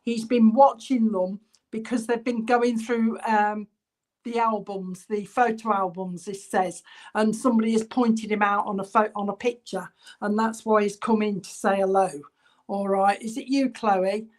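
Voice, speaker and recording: A woman working as a spiritualist medium in an online church service, passing on spirit messages in a halting, chatty way and addressing viewers by name. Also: mid-range voice, steady tone, a little mellow. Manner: halting, relays spirit messages with many ums. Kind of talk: online church clairvoyance reading.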